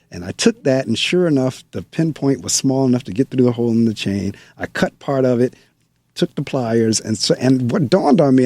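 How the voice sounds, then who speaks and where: A man who works as a school principal, hosting an interview and telling stories in an animated way, repeating phrases for emphasis. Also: medium pitch, fairly quick, dry recording. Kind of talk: casual interview conversation.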